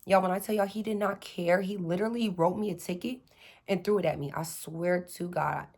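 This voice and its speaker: Animated young woman telling a storytime. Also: fairly low pitch, brisk. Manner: animated, addresses viewers as y'all, acts out dialogue. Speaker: storytime vlogger. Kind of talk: casual storytelling to viewers.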